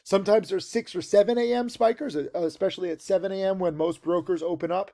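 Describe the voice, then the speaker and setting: A man's voice: high voice, fast, vocal fry, warm tone. A man in his forties teaching trading in a casual, rambling video monologue full of fillers, recorded in a tent outdoors. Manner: rambling, filler-heavy, emphatic.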